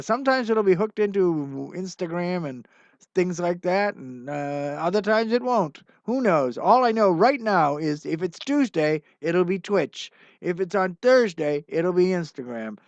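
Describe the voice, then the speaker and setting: Rambling older man, a touch high, chatting between songs. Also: no echo. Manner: rambling, chatty, lots of "uh" fillers; warm, encouraging sign-off. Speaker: singer-songwriter hosting a livestream. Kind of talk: casual livestream chat. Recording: dull, muffled lo-fi sound with faint music.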